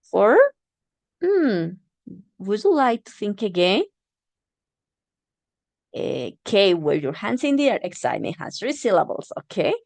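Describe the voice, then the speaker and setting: Slow, patient woman teacher. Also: lowish voice, a little mellow, dry recording. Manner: patient, repeats words slowly and clearly, encouraging. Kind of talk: demo phonics lesson for learners.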